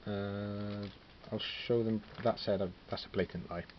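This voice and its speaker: Speaking in a lowish, fairly even voice and taking his time, a man from Wales gives a casual show-and-tell of his miniature figures. The wargaming hobbyist muses aloud, full of fillers and self-corrections. The slightly dull lo-fi recording carries clear background noise.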